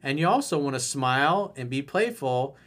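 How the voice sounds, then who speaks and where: A man's voice: mid-range voice, lively intonation, fairly bright tone. A man giving dating advice in a video coaching monologue, playful and acting out little bits of dialogue as he explains. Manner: playful, acts out dialogue in quick asides.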